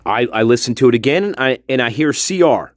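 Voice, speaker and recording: A man's voice: medium pitch, animated, a little fast. A man hosting a livestream, rambling casually with profanity and frequent laughter. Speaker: livestream host.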